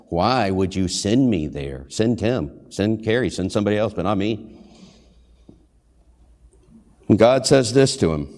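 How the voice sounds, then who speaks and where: A man's voice: sits low, darkish tone. A man giving a sermon, an earnest preacher and hospital chaplain who asks his listeners questions and briefly acts out the lines he quotes. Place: church sanctuary. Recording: long hall reverb.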